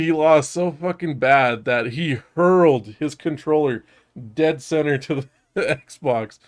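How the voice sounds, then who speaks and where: A man's voice: fairly high pitch, unhurried. A young man co-hosting a podcast, telling stories in casual chat, laughing often and swearing a lot. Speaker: podcast co-host.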